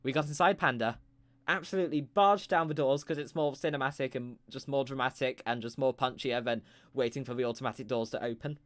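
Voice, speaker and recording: A man's voice: mid-range voice, fairly quick, fairly bright tone. A man telling a rambling improvised comic story with playful, self-mocking asides.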